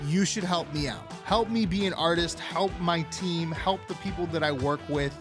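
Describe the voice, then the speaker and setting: Higher-voiced man doing a sarcastic comedy rant. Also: normal speed, music in the background. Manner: rambling, sarcastic, filler-heavy. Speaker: podcast host. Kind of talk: unfiltered political comedy monologue.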